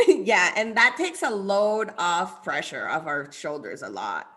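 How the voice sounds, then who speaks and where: A woman with a bright voice hosts a casual interview. Her pitch moves around a lot, and she sounds upbeat and laughs easily. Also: sing-song, unhurried. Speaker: interview host. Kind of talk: casual conversation.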